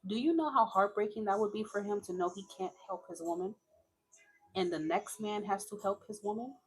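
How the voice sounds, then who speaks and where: A woman's voice: medium pitch, a little fast, slightly rough. Chatty woman reading tarot. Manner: talkative, frank, laughs often. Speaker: tarot reader.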